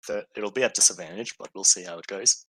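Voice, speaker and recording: A man's voice: lowish voice, fast talker, noisy background. A man narrating as game master, easygoing and hesitant with many fillers.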